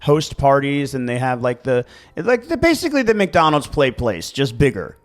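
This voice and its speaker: A man with a Baltimore accent co-hosting a casual podcast chat, animated and quick to act out voices. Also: mid-range voice. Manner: animated, acts out dog voices. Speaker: podcast co-host.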